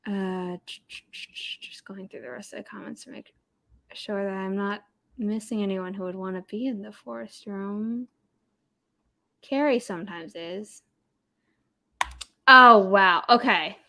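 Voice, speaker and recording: Bright-voiced young woman hosting a livestream. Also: mid-range voice, takes it slowly, gravelly, long pauses. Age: young adult. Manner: chatty, reads out viewer comments. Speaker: livestream host, author. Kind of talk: casual livestream chat.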